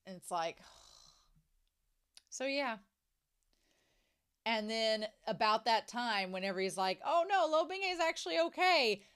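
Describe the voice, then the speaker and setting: A young woman casually discussing a novel she is reading, animated and jumping to excited high notes. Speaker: book reviewer.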